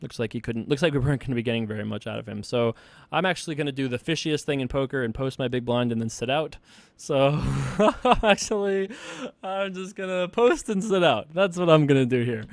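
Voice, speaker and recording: A man's voice: medium pitch, fast, gravelly, no echo. Chill guy narrating his online poker hands, dry close mic, jokes at himself. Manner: laid-back, self-mocking, thinks aloud. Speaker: online poker player and show host. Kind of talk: casual play-by-play commentary.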